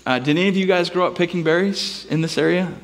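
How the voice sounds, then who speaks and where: A man preaching a sermon in a church, telling a story with animated voices for the people in it. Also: fast talker, in a large hall. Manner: storytelling, animated, acts out characters with big pitch jumps. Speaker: pastor. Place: church sanctuary.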